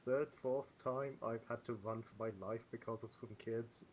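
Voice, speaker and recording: A man speaks in a level, mid-range voice at a moderate pace, chatting and laughing sarcastically as his tabletop character over voice chat. The computer-mic recording is rough, with a little hiss or hum.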